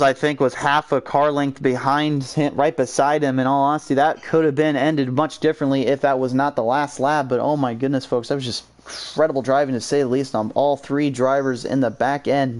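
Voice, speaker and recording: A man commentating a sim racing league and interviewing drivers, excitable and quick to laugh. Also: medium pitch. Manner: excitable, laughs often, exclaims.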